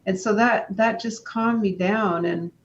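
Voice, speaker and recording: A woman appears as an interview guest, telling a personal story calmly and without hurry, often stopping to restart her sentences. The sound is dull and lo-fi, with a faint rumble.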